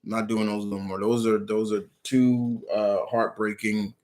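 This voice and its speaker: Speaking fairly low and a little slowly, with a darkish tone and not much rise or fall in pitch, this man runs an informal live question-and-answer stream. He voices the audience's questions, then replies at length, openly and with feeling, packing in plenty of filler words in an earnest, emotional manner.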